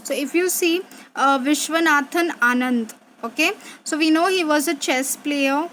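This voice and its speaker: A young woman teacher with a high voice explains terms patiently to her students, pausing on fillers and repeating herself. Faint background noise sits under her recording. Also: a bit bright. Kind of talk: online revision lesson.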